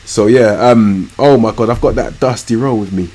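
A young man giving live commentary on a football management game, swinging from low muttering to loud yelling and swearing often. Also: normal speed. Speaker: streamer.

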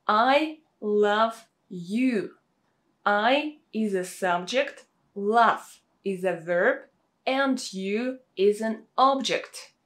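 A native Russian-speaking woman teaching an online language lesson, saying example phrases slowly and repeating them for emphasis. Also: a little high.

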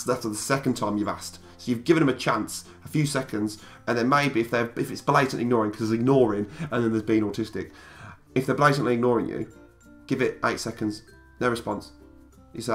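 A man's voice: medium pitch, a little fast, fairly bright tone, soft background music. A man talking straight to camera in a casual vlog, emphatic and repeating phrases to drive his point home. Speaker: YouTuber.

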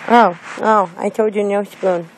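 A woman's voice: medium pitch, fairly even intonation, a little slow, a little hiss or hum. A woman filming her baby on a phone, teasing and scolding in playful sing-song baby talk. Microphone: handheld phone.

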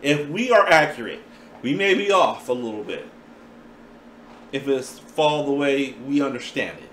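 A man preaching a sermon in a playful, animated way, acting out voices as he teaches. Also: mid-range voice, unhurried, reverberant, slight background noise.

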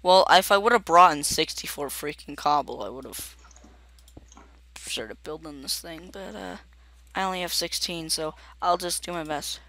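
A man hosting a casual gameplay video, goofy and excitable, giggling often as he talks. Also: on the high side, a little slow. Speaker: gaming video host.

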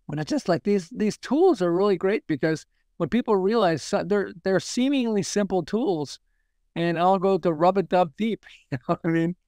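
Chuckling man with a smooth voice. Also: sits high, darkish tone, no echo. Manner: chuckles often while telling anecdotes. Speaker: marketing consultant guest. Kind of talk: casual interview storytelling.

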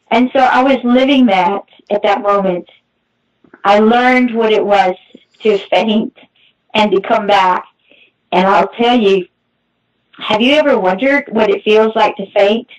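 A middle-aged woman giving a halting, emotional personal testimony as a guest, with many restarts. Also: medium pitch. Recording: muffled distant mic.

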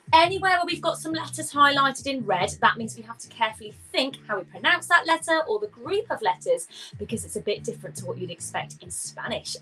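A woman's voice: a little high, sharp tone, poor audio. A woman teaching a live online Spanish class for young children, cheerful and sing-song, drawing out words to model pronunciation. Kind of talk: live-streamed kids' language class. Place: home.

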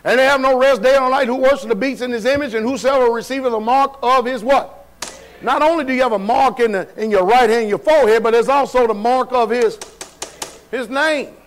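High-voiced preaching man. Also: brisk, poor audio. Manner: preaching with call-and-response questions to the congregation; colloquial, laughs at his own remarks, shifts between loud and quiet. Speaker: pastor. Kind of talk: sermon. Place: church sanctuary.

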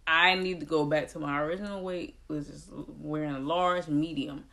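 A young adult woman talking casually to her viewers in a vlog, chatty and animated, slipping into whiny quoted voices when retelling. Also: sits low, moderate pace. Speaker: vlogger.

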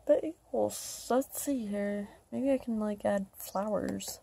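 Slow, gravelly-voiced woman chatting through gameplay. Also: mid-range voice, warm tone. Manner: chatty and rambling, with light self-mocking asides. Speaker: gameplay vlogger. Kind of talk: casual gameplay commentary.

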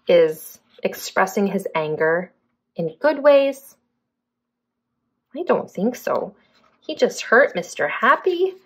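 A woman's voice: on the high side, a bit bright, breathy edge. A young adult woman, a preschool teacher, reading a picture book aloud expressively and asking young children questions.

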